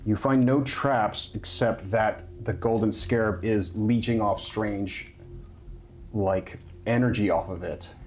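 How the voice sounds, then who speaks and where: A man's voice: lowish voice, takes it slowly, a little hiss or hum. A man running a tabletop game as game master, narrating loosely with plenty of fillers. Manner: loose, laughing, with many fillers.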